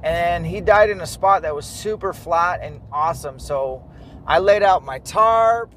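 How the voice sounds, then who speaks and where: Man, slightly high voice, animated storyteller, faint car noise behind. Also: a little slow. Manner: lively, acts out quoted dialogue. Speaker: hunter telling a hunting story. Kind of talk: casual storytelling chat.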